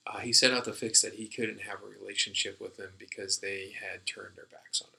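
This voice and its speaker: Bright-voiced man musing casually. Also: lowish voice, flat delivery, a little fast, creaky, low-quality recording. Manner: rambling, many fillers and restarts. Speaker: podcast co-host. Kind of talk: casual discussion.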